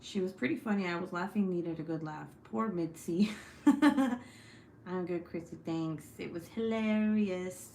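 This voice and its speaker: This young craft livestreamer has a lowish, creaky, dark-toned voice and talks at a measured pace. Between laughs she reads comments, rambles, and swears casually, recorded in an echoey space with faint hiss.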